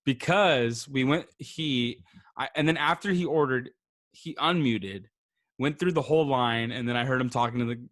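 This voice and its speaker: A young man co-hosting a podcast, telling an animated, teasing story with lots of swearing. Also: mid-range voice, normal speed, no room sound, studio quality. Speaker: podcast co-host. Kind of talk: casual chat.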